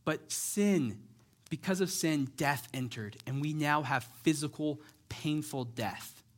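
Casting: male preacher, slightly high voice, animated storyteller who keeps asking "right?". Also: slow pace. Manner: animated storyteller, acts out characters' lines; conversational, checks in with "right?". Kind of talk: sermon, Bible storytelling.

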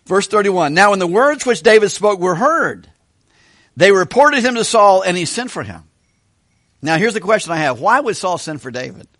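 A male pastor with a fairly high voice gives a Bible study sermon. His delivery is animated, and he keeps asking questions of the listeners. The sound is close and dry. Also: moderate pace, no echo. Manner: animated, asks questions of the congregation. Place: church hall with a kitchen.

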